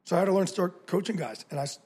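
A man in his fifties whose voice sits a little high for a man and has a husky, slightly rough grain. He talks as a guest in a casual interview and tells his stories bluntly, with swearing and lively emphasis. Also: very fast. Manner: blunt, profane, animated storyteller. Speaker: podcast guest.

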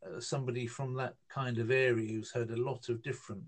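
A man's voice: medium pitch, steady tone, fairly quick. Rambling, hesitant man in his fifties. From Newcastle, northern England. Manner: rambling, hesitant, with many fillers and restarts. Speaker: interviewee. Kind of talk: casual storytelling conversation.

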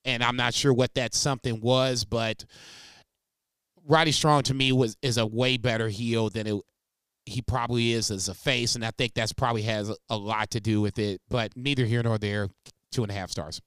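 A man co-hosting a casual podcast, giving relaxed, rambling opinions. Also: medium pitch, normal speed, clean tone, no echo, studio quality. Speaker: podcast co-host.

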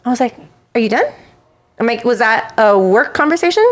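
A woman hosting a casual chat show, telling a story in an animated way, acting out quotes and swearing. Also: on the high side, fairly quick. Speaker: show host.

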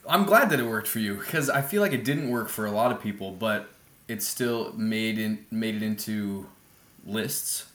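A man chatting as a podcast guest about films, ranting in an animated, opinionated way into a laptop mic. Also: lowish voice, normal speed, reverberant. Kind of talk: casual film chat. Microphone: laptop built-in mic.

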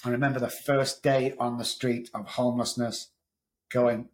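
A man's voice: medium pitch, little pitch movement, normal speed, rough recording. Candid middle-aged Englishman telling his story. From England. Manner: candid, raw storytelling with swearing. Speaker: podcast guest. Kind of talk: storytelling interview.

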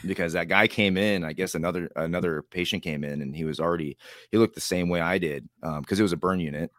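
Low voiced guy rambling thru a story, does the voices of people he quotes, dry close sound. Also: fast, a bit bright, dry recording. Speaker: guest. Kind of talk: casual storytelling interview.

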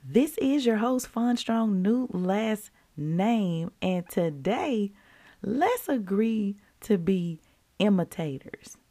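A woman hosting a daily devotional podcast, teaching in a lively, chatty way. She speaks at a middle pitch and keeps turning to listeners with friendly asides. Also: takes it slowly. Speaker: podcast host.

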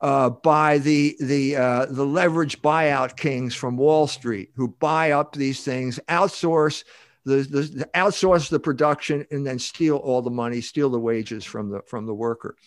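A man's voice: mid-range voice, fairly even intonation, a little slow, no room sound, studio quality. An older man, a guest author on a podcast interview, talking emphatically with many restarts.

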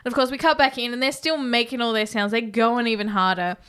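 A woman, co-hosting a casual chat and recapping a film scene by scene, animated and swearing freely. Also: on the high side, fast talker, clear, resonant tone. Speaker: podcast co-host.

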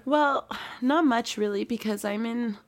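A woman's voice: fairly high pitch, measured pace. A young woman, a student, co-hosting a casual podcast chat, giggling often and filling her talk with "like". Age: young adult. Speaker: podcast co-host.

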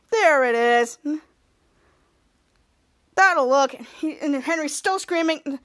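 High-voiced woman recapping a show. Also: takes it slowly, pauses often. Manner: acts out characters' lines with bursts of loud, high shouting. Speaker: podcast host recapping a TV episode. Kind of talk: casual episode recap with quoted lines.

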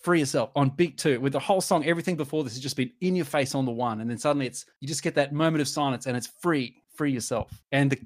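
An enthusiastic man co-hosts a casual music review podcast, humming and singing snippets of songs as he talks. His voice is medium-pitched, recorded dry with clean studio sound.

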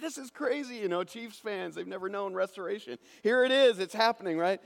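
A man preaching a lively sermon, acting out imagined voices and swinging between loud bursts and hushed asides. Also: high-pitched, brisk, creaky. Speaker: pastor. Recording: long hall reverb.

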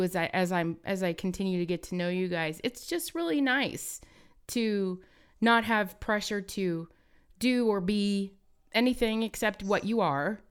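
A woman speaking in a dry, measured way in a casual group chat. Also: medium pitch, smooth.

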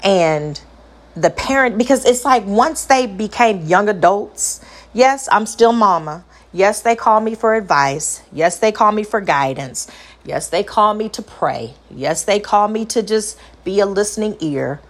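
Middle-aged woman, high voice, earnest, emphatic, repeats for stress, parenting talk. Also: lively intonation, measured pace. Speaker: parent sharing advice. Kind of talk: personal talk to camera.

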